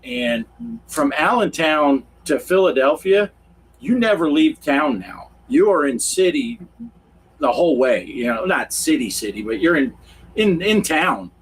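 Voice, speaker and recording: A man's voice: a little high, animated, measured pace, a little hiss or hum, rough recording. A man from Pennsylvania co-hosting a casual livestream chat, rambling through stories and chuckling as he goes. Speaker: co-host.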